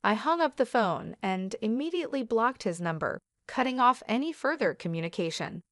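Steady woman narrating a story. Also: on the high side, moderate pace, no room sound, studio quality. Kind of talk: scripted first-person story narration.

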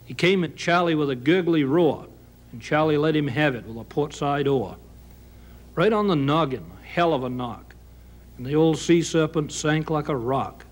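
Maine guy reciting a funny story poem, dry folksy delivery, voice a little high. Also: normal speed.

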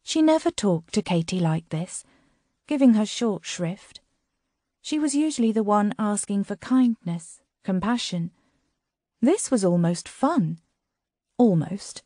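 Woman reading an audiobook, even and measured, mid pitch, dry no room sound. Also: dry recording. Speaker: audiobook narrator. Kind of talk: scripted narration.

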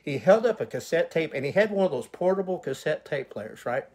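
A man's voice: a little high, expressive, fairly quick, a little mellow, breathy edge. A male pastor telling his personal testimony, an emotional, vivid retelling full of quoted dialogue.

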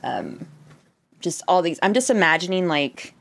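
Give me a low-voiced, giggly woman podcast co-host. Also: lively intonation, a little slow, creaky, a bit bright. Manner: giggly, swears freely. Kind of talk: casual podcast chat, reading passages aloud.

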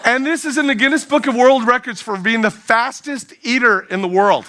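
Man, youth speaker, comic sermon, bright voice, faint crowd behind, playful and animated. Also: extremely high pitch, fairly quick, a little hiss or hum. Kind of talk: humorous youth sermon to a live audience. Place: hall with a live audience.

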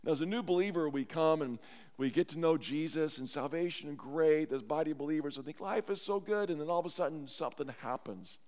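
Earnest pastor guy preaching, slightly high voice, long echo in a big church. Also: a little fast, darkish tone. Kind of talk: sermon. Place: church sanctuary. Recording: long church hall reverb.

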